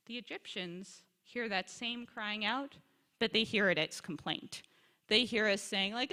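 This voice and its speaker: A woman giving a lively, conversational Bible teaching talk as a visiting scholar, acting out quoted complaints along the way. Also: medium pitch, unhurried. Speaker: scholar in residence lecturer. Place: congregation sanctuary or hall. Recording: long reverb of a large hall.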